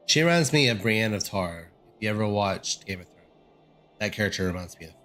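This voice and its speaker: A man's voice: fairly low pitch, expressive, fairly quick, fairly bright tone, faint music behind. A man casually commenting on a game as he plays, chatty and self-deprecating. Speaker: gaming streamer.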